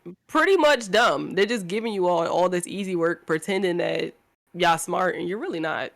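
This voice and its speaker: A woman's voice: lowish voice, fairly even intonation, normal speed, vocal fry. A woman who is a guest on a podcast, talking frankly and with strong opinions in casual chat.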